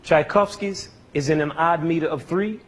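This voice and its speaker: Explaining music step by step to young listeners, a man often poses his points as questions for them to answer. He speaks at a moderate pace in a slightly husky voice that sits somewhat higher than typical for men.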